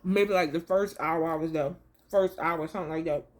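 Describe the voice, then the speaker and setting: A vlogger tells stories to camera while eating her meal, speaking in a low voice at normal speed. Her manner is relaxed and slangy, and she calls her viewers baby and y'all.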